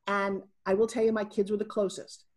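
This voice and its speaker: A middle-aged woman, a guest on a podcast, telling stories in an animated way and acting out what people said. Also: mid-range voice, fairly quick. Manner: animated storyteller, acting out quotes. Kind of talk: casual interview.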